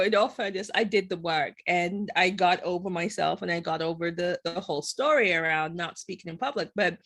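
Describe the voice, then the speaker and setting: A woman hosts an interview show and talks with her guest in an easygoing, encouraging way. She pokes fun at herself now and then. Her voice sits at an ordinary middle pitch. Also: fairly bright tone. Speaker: show host. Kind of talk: casual interview chat.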